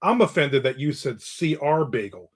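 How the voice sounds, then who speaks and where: Pitched fairly high, with lively intonation and a normal speed, this middle-aged host runs a laid-back live show. He reads out viewer comments, shares stories from daily life and kids around with his audience.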